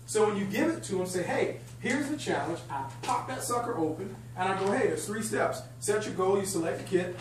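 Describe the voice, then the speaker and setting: Excitable man training a roomful. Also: high-pitched, brisk, hardly any pauses. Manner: energetic, excitable, chatty, jokes with the audience. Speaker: sales trainer. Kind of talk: lively sales training talk to a live group. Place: function room at a country club event. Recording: echoey room, distant mic, faint hum.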